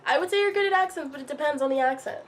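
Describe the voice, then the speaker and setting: A woman's voice: sits high, rapid-fire, a little hiss or hum. A woman in her twenties from the United States hosting a casual couple Q&A vlog outdoors, bubbly and teasing. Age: 20s. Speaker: YouTube host. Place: outdoors in sunlight.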